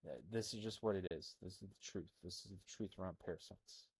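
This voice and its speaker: A young man from Albania, a health coach, talks in a blunt, rambling monologue, circling back with fillers and restarts. His voice sits low. The recording is close and dry, with no room sound. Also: fairly quick, darkish tone, husky, no echo. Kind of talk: casual monologue.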